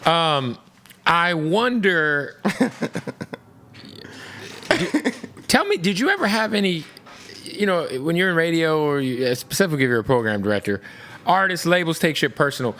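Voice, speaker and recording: Male podcast host, excitable and casual, lively high voice. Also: normal speed, long pauses, a little hiss or hum. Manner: excitable, loose, swears casually. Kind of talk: hyped ad read and casual interview.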